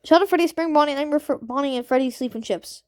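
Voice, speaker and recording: A young woman reading out simulated game results and reacting in casual slang with excited, incredulous outbursts. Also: high voice, fast, no room sound, clean studio sound. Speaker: gaming commentator.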